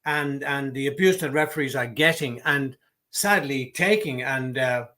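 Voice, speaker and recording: A man's voice: mid-range voice, measured pace, bright, forceful tone. A man co-hosting a casual refereeing discussion, chatting and reading out viewer messages. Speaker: co-host.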